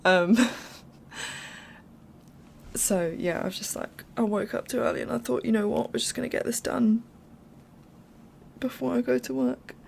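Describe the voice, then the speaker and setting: A woman's voice: fairly high pitch, measured pace, gravelly, pauses often, a little hiss or hum. A young woman giving casual, rambling voiceover commentary over a game build from home, chatty and apologetic, often laughing. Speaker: game speed-build creator.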